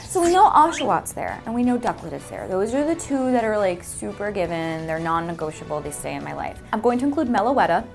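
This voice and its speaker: Lively, gushing young woman. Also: creaky. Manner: gushing and excitable, voice leaping high. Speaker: voice actor guest. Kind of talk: casual interview chat. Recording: faint music underneath.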